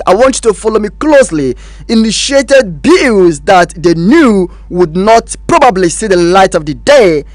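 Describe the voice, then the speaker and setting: A man's voice: high-pitched, no room sound. A man with a Nigerian English accent hosting a morning radio news and politics show, emphatic and repetitive, with frequent fillers. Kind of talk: radio talk show commentary. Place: radio studio.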